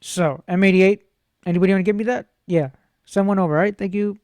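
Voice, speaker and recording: A man's voice: sits high, steady tone, fairly quick, a little mellow, dry recording. A man vlogging casually, playful and jokey, rambling to himself about gear and laughing often, close on a studio microphone.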